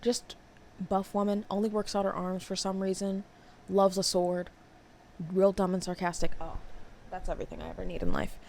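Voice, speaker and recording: A young woman talks through a book tag as a casual vlog, expressive and sarcastic, swearing freely as she goes. Her voice has a gravelly, creaky edge at a middle pitch, with a faint hiss of noise behind it. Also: normal speed. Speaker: book vlogger. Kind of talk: casual chat.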